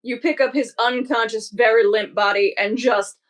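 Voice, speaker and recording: A woman narrating a tabletop game as game master, vivid and unhurried. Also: fairly high pitch, fairly even intonation, low-quality recording.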